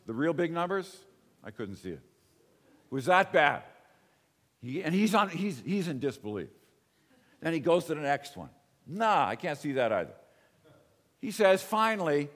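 An older man preaching a sermon in a church, telling a personal story in a folksy way that swings between loud and soft. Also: a little high, big-room sound. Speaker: pastor. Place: church sanctuary.

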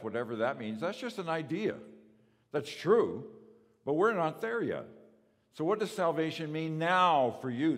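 A man preaching a sermon, emphatic, asking rhetorical questions and swinging from loud to soft. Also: a little high. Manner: emphatic, rises and drops in volume, rhetorical questions. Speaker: pastor. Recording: long reverb of a large hall.

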